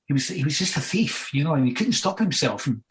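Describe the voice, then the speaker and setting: A man's voice: on the high side, animated, fast, rough recording. A Scottish man in his sixties, a musician guest in a casual interview, telling rambling anecdotes full of fillers and asides.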